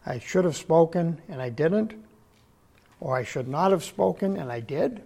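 His voice gravelly, husky and giving out, an older preacher works through a sermon, often clearing his throat. He alternates between booming emphasis and quiet murmurs, with lively intonation and an unhurried delivery.

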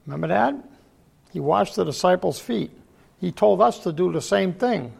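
An older man delivers a sermon though his voice is hoarse and failing, gravelly and husky, and he keeps clearing his throat. Loud, emphatic bursts give way to low murmurs as he speaks expressively at a normal speed.

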